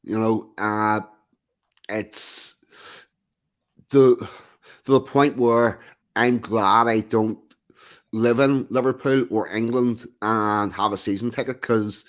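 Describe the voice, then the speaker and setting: Middle-aged man, from Northern Ireland, halting, lots of fillers, swears, middle pitch. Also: steady tone. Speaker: participant on a live stream. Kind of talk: casual rambling chat.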